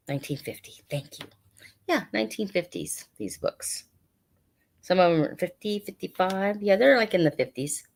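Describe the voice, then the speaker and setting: Woman, sale host, deep voice, casual rambling patter full of fillers. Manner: chatty, rambling, with many fillers.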